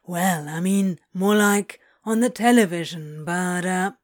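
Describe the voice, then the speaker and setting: Crowley, a woman doing a slow drawling male demon. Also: lowish voice, no echo, studio quality, lightly acted. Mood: insistent. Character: sulky, awkward male demon.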